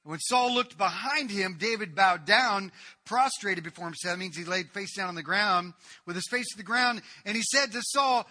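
A man preaching a sermon, retelling a Bible story in a lively way with casual asides. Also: sits high, moderate pace.

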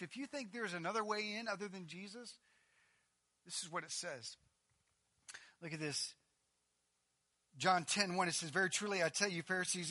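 A man preaching a sermon, swinging from loud emphatic declarations to hushed, slowed-down phrases. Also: high-pitched. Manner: stretches key phrases slowly for emphasis. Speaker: pastor.

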